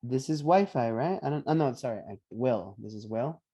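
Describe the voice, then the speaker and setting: A man teaching English pronunciation on a video call, patiently repeating each word slowly for his students. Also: medium pitch, lively intonation, dark tone, slightly rough. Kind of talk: online pronunciation lesson.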